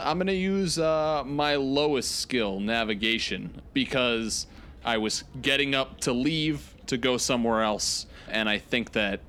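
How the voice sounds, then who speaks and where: A man playing a tabletop game, narrating his character's actions in deliberate, descriptive detail. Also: mid-range voice, pushed and bright. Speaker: player.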